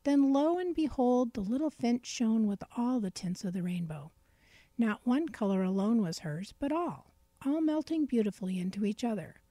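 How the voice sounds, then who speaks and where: Gentle woman reading a children's tale. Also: on the high side, no room sound. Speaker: storyteller. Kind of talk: children's storybook narration.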